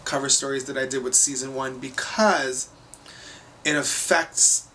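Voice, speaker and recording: A man's voice: mid-range voice, steady tone, unhurried, sharp tone, a little hiss or hum. A man hosting a talk show in an effusive, gushing manner.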